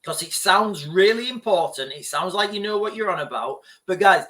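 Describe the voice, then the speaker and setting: Rambling man, bright voice. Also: high voice, animated, moderate pace. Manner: rambling, with frequent restarts and repeated asides to "guys". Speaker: vlogger. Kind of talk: off-the-cuff political commentary to camera.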